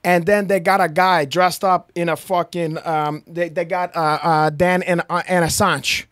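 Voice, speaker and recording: Guy with a high voice cussing and laughing, broken english, dry sound. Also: level tone, measured pace, fairly bright tone, dry recording. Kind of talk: casual chat.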